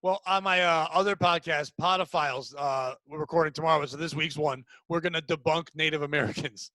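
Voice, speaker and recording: A man's voice: fairly high pitch, steady tone, fairly quick, bright, forceful tone, no echo, low-quality recording. A man hosting a comedy podcast, riffing in crude, rambling, mock-outraged bits. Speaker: podcast host. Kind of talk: casual comedy podcast banter.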